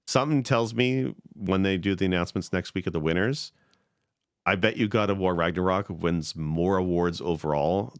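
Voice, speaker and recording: A man co-hosting a podcast, speaking bluntly in relaxed casual chat with frequent swearing. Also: low voice, no room sound, studio quality. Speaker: podcast co-host.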